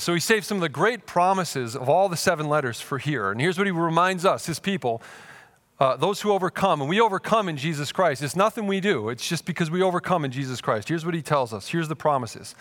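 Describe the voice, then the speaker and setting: A man preaching a sermon as pastor, emphatic and urgent, dropping to a quiet intensity and acting out quoted voices. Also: a little high, animated, fast talker. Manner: acts out quoted voices, checks in with "okay" and "right".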